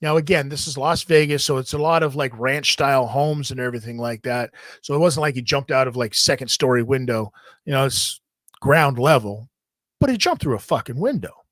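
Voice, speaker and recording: A man hosting a podcast, telling a long story in a rambling, profane, animated way. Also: mid-range voice, brisk, no echo. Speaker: podcast host. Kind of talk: casual storytelling.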